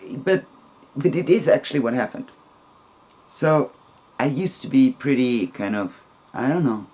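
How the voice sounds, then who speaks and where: A woman's voice: rumbling low, darkish tone, husky. A woman, telling a personal story to camera in a hesitant way, often restarting and searching for words. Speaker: vlogger.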